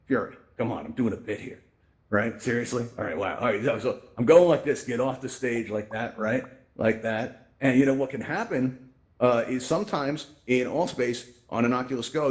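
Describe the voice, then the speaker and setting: A man hosting a live virtual reality event, explaining headset tips casually and peppering his talk with "right?" and "you know". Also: medium pitch. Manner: conversational, lots of "right?" and "you know" fillers. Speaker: event host and presenter. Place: virtual reality social space.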